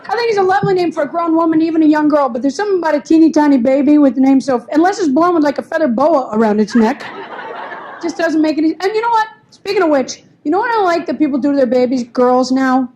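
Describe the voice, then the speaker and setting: A woman's voice: high-pitched, animated, fast talker, dark tone, muffled recording. A woman doing a chatty, sarcastic stand-up set on a club stage. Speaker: stand-up comedian. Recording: faint club noise. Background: audience laughter.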